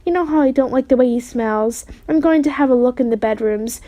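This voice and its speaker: A woman's voice: high voice, a little fast, mellow, natural voice. A woman voicing a fretful, flustered mother in a children's story. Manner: fretful, rising to alarm. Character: flustered mother of two boys.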